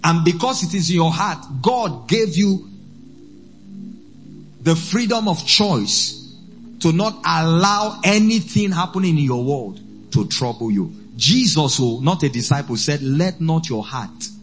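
A man, a priest preaching a sermon, who slows down and repeats phrases for emphasis. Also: fairly high pitch, lively intonation, a bit bright, soft background music.

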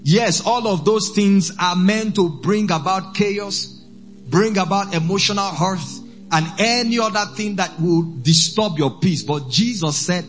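A man, a priest preaching a sermon, who slows down and repeats phrases for emphasis. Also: high voice, fairly bright tone, soft background music.

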